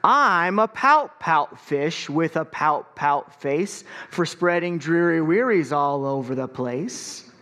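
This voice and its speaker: A sulky, pouting fish voiced by a man sighs through a slow, sing-song refrain. The voice sits a touch high and keeps slipping from bright replies into a sunken, glum drawl, all in a storybook read-aloud manner. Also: expressive, heavily acted. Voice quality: mopey sing-song chant, drawn-out refrain. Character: glum, gloomy male fish with a permanent pout.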